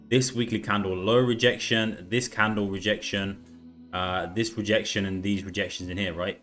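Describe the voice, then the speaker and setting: A man's voice: on the low side, a bit bright. A young man hosting a live trading stream, chatting casually and walking through charts, with a sore throat that makes him slur a bit. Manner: loose and chatty, says "right?" and "man" a lot, slurs a bit. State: sore throat, sucking a lozenge. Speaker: livestream trading host.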